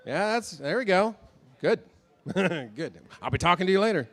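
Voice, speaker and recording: A stand-up comedian with a high, slightly bright voice and big pitch swings rambles through a set at a moderate pace. He talks about himself self-deprecatingly, swears a lot, and corrects his own jokes.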